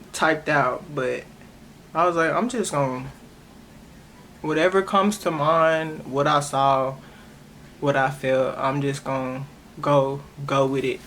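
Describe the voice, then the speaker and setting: Her deep voice has a fairly bright tone, and a slight hiss or hum sits under it. She's a young podcast host recounting her own testimony with earnest emotion, repeatedly stopping and restarting as she talks.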